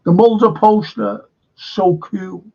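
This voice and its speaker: An older man chats on his livestream in a slow, gravelly, husky voice, looping back over his words. The sound is dull and lo-fi. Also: high-pitched, steady tone, darkish tone. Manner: rambling, repeats himself, many fillers. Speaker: livestream host reading chat. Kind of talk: casual livestream chat. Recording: dull lo-fi stream audio.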